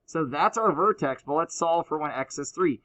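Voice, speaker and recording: A man teaching a high school math class, explaining step by step and teasing his students. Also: lively intonation, moderate pace, fairly bright tone. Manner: playful, teasing banter with students. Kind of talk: classroom lecture.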